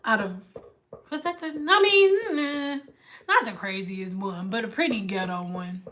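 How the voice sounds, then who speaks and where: A woman's voice: fairly high pitch, measured pace, a little hiss or hum. A woman hairstylist telling a story in a casual, slangy livestream chat, acting out the people in it. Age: adult with a daughter. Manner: animated slangy storyteller who acts out the people in her story.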